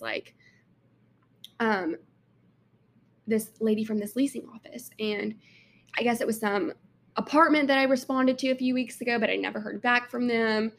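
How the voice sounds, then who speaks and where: A woman's voice: a little high, vocal fry, slight background noise. A young woman from Alabama with a Southern accent, chatting casually to camera and filling her talk with "like". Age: young adult. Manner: chatty, lots of "like" fillers. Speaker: intern vlogger.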